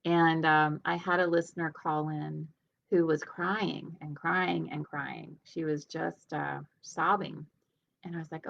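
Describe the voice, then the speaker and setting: A woman's voice: low voice, fairly even intonation, unhurried, creaky, fairly bright tone, dull audio, a little hiss or hum. A woman speaking as a healer and leadership coach, giving an earnest, conversational motivational talk with light laughs.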